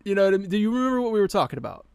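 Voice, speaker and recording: A man's voice: high-pitched, big pitch swings, racing, a little mellow, no echo. A man hosting a live podcast in casual chat, hyped and laughing often, restarting his sentences. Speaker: podcast host.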